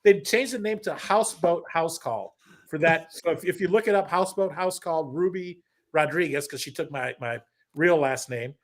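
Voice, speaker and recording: A middle-aged man, a comedian guest, telling a story in casual chat, animated, with many restarts and quoted asides. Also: on the high side, normal speed.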